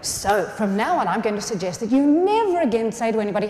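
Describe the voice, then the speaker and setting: Australian female keynote speaker, playful and animated, big hall echo with faint room hum. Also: a little high, fast. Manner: animated, playful, acts out quoted voices. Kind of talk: comedic motivational keynote. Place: large conference hall. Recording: echoey hall, faint ambience.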